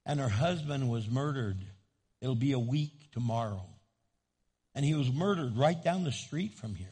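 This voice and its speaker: A man's voice: fairly high pitch, husky. A man preaching a sermon as pastor, telling stories in a conversational way and building to fervent emphasis.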